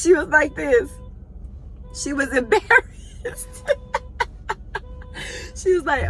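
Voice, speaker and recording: A woman telling a lively story to her viewers, chatty and slangy, laughing often and calling them y'all. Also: sits high, takes it slowly, long pauses, faint music behind. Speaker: vlogger.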